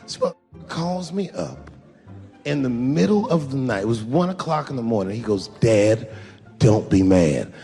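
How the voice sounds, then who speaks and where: A man's voice: mid-range voice, very animated, brisk, gravelly, darkish tone, soft background music. A man performing stand-up comedy, telling a family story in a conversational way. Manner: conversational storytelling with punchline timing.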